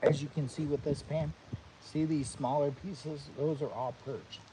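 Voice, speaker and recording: A man's voice: a little high, fairly even intonation, unhurried, very noisy. A man hosting a vlog, chatting upbeat and straight to viewers while eating and cooking. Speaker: vlog host. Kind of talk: casual chat to camera.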